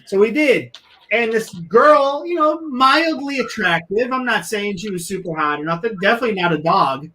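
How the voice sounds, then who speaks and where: Man, livestream co-host, high bright voice, rambling storyteller with lots of filler words, on a video call. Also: lively intonation, normal speed, slight background noise. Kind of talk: casual storytelling chat.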